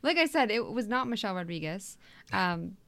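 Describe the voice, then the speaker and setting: A woman's voice: mid-range voice, big pitch swings, brisk, gravelly, fairly bright tone. A woman chatting casually as a guest on a gaming podcast, talking with many fillers and restarts. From United States. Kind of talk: casual chat.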